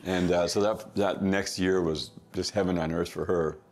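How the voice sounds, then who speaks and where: A middle-aged man casually telling a family story as a podcast guest, chuckling often and throwing in quick asides. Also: sits low, fairly even intonation, gravelly, a little mellow.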